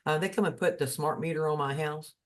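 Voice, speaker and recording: A man's voice: fairly high pitch, steady tone, a little fast. Folksy man talking spirituality. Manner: folksy, tells stories, preachy asides. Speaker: spiritual podcast co-host. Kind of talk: casual spiritual chat.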